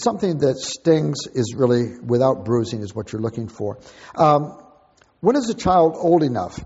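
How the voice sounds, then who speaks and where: An older man gives a folksy, plain-spoken teaching talk in a husky voice. His words ring out with a long hall reverb. The recording sounds dull and lo-fi. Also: medium pitch, a little mellow. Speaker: Christian parenting teacher.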